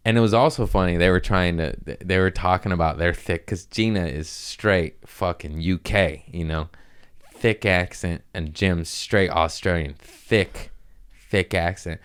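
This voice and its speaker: Deep-voiced man telling a profane story. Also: a little slow, clean tone. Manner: rambling, profane, laughs at his own stories. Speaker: podcast host. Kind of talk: casual storytelling monologue.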